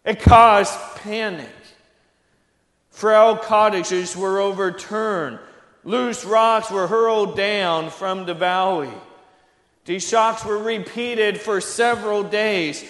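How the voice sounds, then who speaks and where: A man preaching a sermon, slow and earnest, building to emphatic high peaks. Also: a bit bright, roomy sound, long reverb tail.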